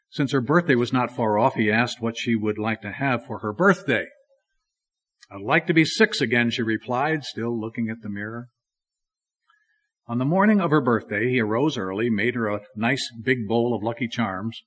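A man's voice: mid-range voice, fairly bright tone. A male pastor giving a sermon, telling stories at an easy pace with frequent fillers. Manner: unhurried storytelling with many fillers.

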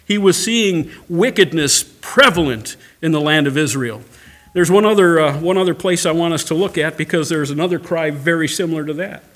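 A man's voice: a little high, a bit bright. A man preaching a sermon, reading scripture aloud and addressing the congregation directly, rising to impassioned cries. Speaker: pastor.

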